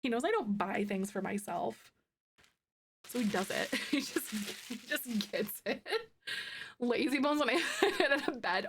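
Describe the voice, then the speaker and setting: Excitable chatty woman streamer. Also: a little high, a little slow, slight background noise. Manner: excitable, chatty, self-described loudmouth. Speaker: live streamer. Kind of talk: casual live-stream chat.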